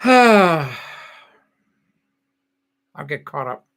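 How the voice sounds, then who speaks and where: A man's voice: fairly high pitch, big pitch swings, extremely slow, fairly bright tone, smooth. An older man hosting a casual live stream, telling rambling stories and laughing often. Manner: rambling storytelling with frequent laughs.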